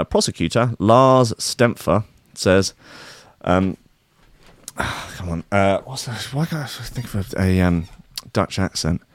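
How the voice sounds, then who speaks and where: A man's voice: fairly low pitch, no echo, clean studio sound. A man reads a news article aloud and picks it apart with sarcastic, mock-outraged asides. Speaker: comedic news commentator.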